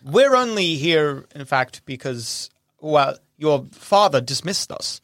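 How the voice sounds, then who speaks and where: A man's voice: on the high side, sing-song, slow, fairly bright tone, no room sound, clean studio sound, pitched below the performer's own voice, full character voice. A man doing a stiff, deferential butler. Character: formal, reserved male butler, middle-aged.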